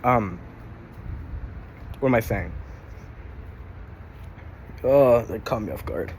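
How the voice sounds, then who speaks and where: A man's voice: on the low side, takes it slowly, a little mellow, a little hiss or hum. A young man vlogging casually about his day, rambling and swearing, tired and a little out of breath while walking. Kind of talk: casual daily vlog.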